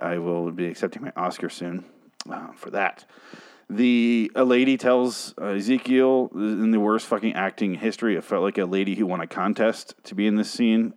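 Rambling, sarcastic male recap host. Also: lowish voice. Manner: rambling, sarcastic, swears a lot. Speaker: podcast host recapping a TV episode. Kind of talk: profane comedic recap.

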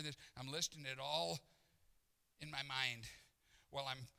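Gravelly, bright-voiced man preaching. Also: medium pitch, a little slow, long pauses. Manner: animated storyteller, acts out exasperation. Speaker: pastor. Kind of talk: sermon storytelling.

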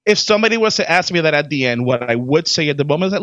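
Brief: animated man co-hosting a casual podcast, higher voice, dry and slightly muffled recording. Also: rapid-fire, no room sound. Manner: animated, laughs often. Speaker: co-host. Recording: dull, dry lo-fi audio.

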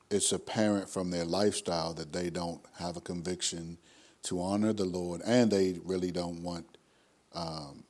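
A man co-hosting a faith talk show, reading a listener question haltingly with many ums. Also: low-pitched, a little mellow.

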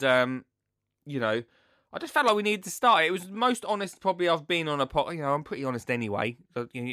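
A man's voice: mid-range voice, pushed and bright, dry recording, clean studio sound. A young man hosting a podcast in casual chat, jokey and chatty, often interrupting himself. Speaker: podcast host.

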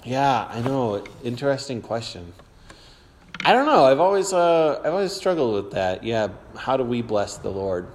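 A man's voice: mid-range voice, sing-song, normal speed. A man leading an informal Bible class, chatty and rambling with lots of fillers. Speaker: church teacher. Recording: reverberant hall.

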